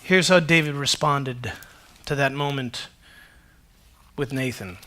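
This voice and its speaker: A man's voice: medium pitch, slow pace. A middle-aged male pastor preaching a sermon to a congregation, telling stories animatedly and acting out the dialogue. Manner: animated storytelling, acts out dialogue. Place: church auditorium with congregation.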